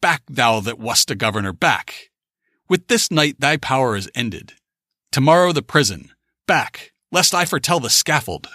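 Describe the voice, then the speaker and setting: A man's voice: mid-range voice, sing-song, normal speed, pushed and bright, no echo, clean studio sound. A man voicing a stern ancient male Puritan ghost, speaking old-fashioned commanding words with solemn composure. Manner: solemn archaic commanding speech. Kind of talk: dramatic story reading.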